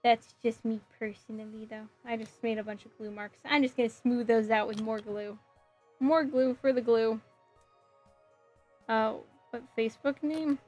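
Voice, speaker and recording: Giggly New woman, fairly high. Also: fairly even intonation, normal speed, darkish tone, soft background music. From New Jersey. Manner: giggly, scattered, answers chat messages aloud. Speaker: livestreamer building a model kit. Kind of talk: casual chat with stream viewers.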